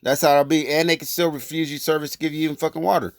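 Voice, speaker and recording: A man's voice: fairly high pitch, fairly even intonation, very fast, no echo, clean studio sound. A man telling a personal story in loose, rambling, profane street talk. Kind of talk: casual storytelling.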